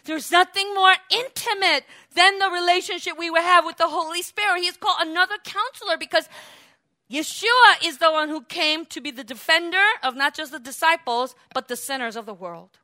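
Woman pastor, sermon, high bright voice, quiet explaining then loud preaching, calls for amens. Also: brisk. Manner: asks the congregation questions and calls for amens.

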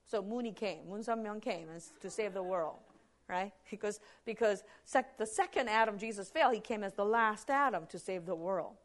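A woman preaching a Bible sermon, posing rhetorical questions and answering them, shifting from hushed lines to loud emphasis. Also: mid-range voice, normal speed.

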